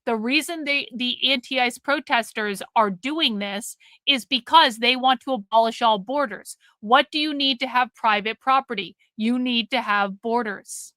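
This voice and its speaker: A woman's voice: a little high, measured pace, few pauses, sharp tone, no room sound. A woman hosting a live stream, commenting bluntly and explaining things to her chat. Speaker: livestream host.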